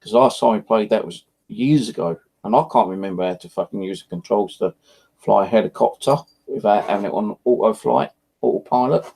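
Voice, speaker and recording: A low, gravelly man talks in a loose, rambling way, full of swearing and frustration. His voice sits dark and mellow, like a casual evening chat recorded at home. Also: a little fast, rough recording. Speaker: vlogger. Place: at home, indoors.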